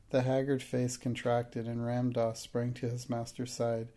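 A man reading an audiobook in a steady, measured narration. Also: mid-range voice. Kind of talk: scripted narration.

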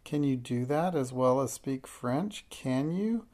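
A man voicing a slow, timid young schoolgirl who speaks with hesitant, breathless wonder. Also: mid-range voice, animated, darkish tone. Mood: awestruck.

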